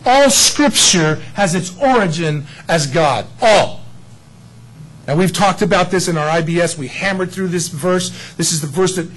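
A middle-aged man preaching a sermon, teaching a Bible verse in an animated way and joking about his own stories. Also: high voice, a little slow, low-quality recording. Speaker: pastor.

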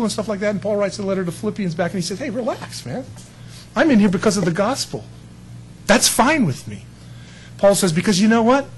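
A man's voice: fairly high pitch, slight background noise, poor audio. A male pastor giving a conversational sermon, acting out quotes of the people he talks about. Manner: conversational preaching with acted-out quotes.

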